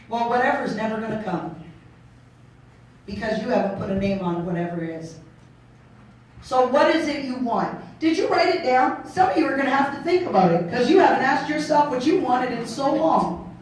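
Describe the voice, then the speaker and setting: A woman pastor preaching a sermon in a lively, playful way, acting out voices and laughing along. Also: a little high, moderate pace, long pauses, slight background noise. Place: church hall. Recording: echoey hall, mic far off.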